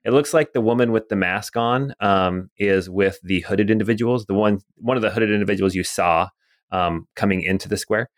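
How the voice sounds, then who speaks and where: A man narrating a tabletop game as game master, relaxed, with many fillers. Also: fairly low pitch, moderate pace, no echo, clean studio sound.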